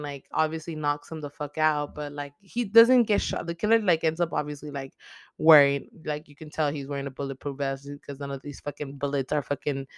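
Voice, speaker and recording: Low-voiced woman swearing through a casual movie recap. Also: clear, resonant tone, dry recording, studio quality. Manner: heavy swearing, filler-laden, emotional retelling.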